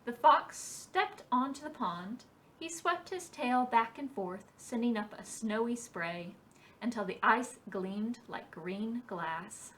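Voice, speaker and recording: At a library storytime, a woman reads a picture book aloud to preschoolers in a slow, expressive storybook cadence. Her voice is a little high, picked up by a distant mic with slight background noise.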